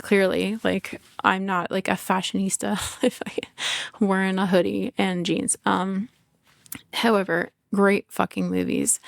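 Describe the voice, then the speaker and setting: A woman's voice: medium pitch, creaky, no room sound, studio quality. A woman hosting her own podcast, talking candidly about work and family in a rambling, casual way, with lots of "like", swearing and laughter. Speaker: podcast host; business owner and mother. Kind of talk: casual personal monologue.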